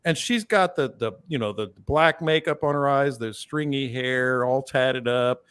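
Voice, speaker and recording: A man hosts a fishing talk show and tells anecdotes in easy, conversational speech. His voice sits in a middle pitch and jumps up sharply when something surprises him. The recording is dry and close, with no room sound. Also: a little slow, clear, resonant tone, no room sound. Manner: animated storyteller, pitch jumps up for emphasis. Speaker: podcast host. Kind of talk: casual storytelling chat.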